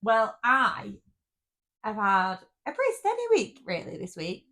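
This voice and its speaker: A woman co-hosting a podcast in casual chat, teasing with deadpan banter. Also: medium pitch, measured pace. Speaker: podcast co-host.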